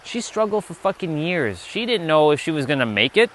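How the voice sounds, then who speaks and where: A man's voice: a little high, sing-song, fairly quick, a bit bright, a little hiss or hum. Emphatic, swearing motivational male streamer. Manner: profane, emphatic, repeats himself. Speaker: livestream speaker. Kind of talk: motivational livestream talk.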